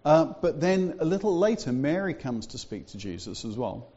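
A man's voice: fairly high pitch, very animated, moderate pace, mellow, highs cut off. Man preaching a conversational church sermon. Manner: conversational preaching with frequent fillers and asides.

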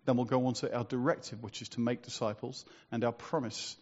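A man's voice: mid-range voice, steady tone, a little fast, darkish tone, highs cut off. A man preaching a sermon in a conversational, storytelling way, asking rhetorical questions.

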